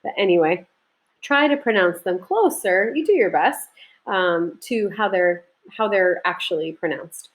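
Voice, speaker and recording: A woman's voice: fairly low pitch, expressive, unhurried, poor audio. A woman from Iraq giving a recorded history lecture, talking in a loose conversational way with restarts and asides to her students. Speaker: teacher.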